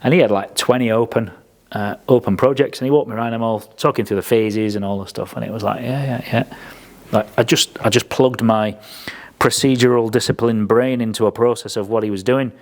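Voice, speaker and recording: Man, casual podcast, sweary storyteller, lowish voice. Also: steady tone, fairly quick. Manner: blunt, sweary storyteller who acts out quotes. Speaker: podcast speaker.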